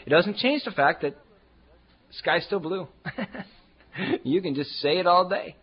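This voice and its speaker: A man preaching a sermon as pastor, emphatic and repetitive, swinging from loud declarations to hushed asides. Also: high-pitched, unhurried, pauses often, slightly rough, highs cut off.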